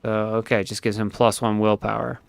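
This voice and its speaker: A man's voice: on the low side, flat delivery, brisk, gravelly, dry recording, faint music behind. A man playing a strategy game on stream, thinking aloud as he plans his moves. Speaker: player and co-host. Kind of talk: casual gameplay commentary.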